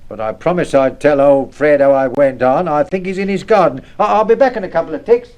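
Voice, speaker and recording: A man's voice: on the high side, a little fast, darkish tone, muffled recording, natural voice. A man playing a cheerful, evasive working-class father, in 1950s radio acting. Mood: breezy evasive. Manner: chirpy, jokey, brushes questions off.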